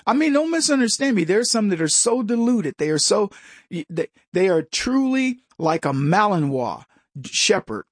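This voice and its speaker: An American man with a high, husky voice delivers a forceful opinion monologue. He trips over his words and restarts his sentences, and breaks into mocking voices. The sound is close and dry, with no room around it. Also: very animated, normal speed, dry recording. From United States. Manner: emphatic, stumbling restarts, mocking voices for others.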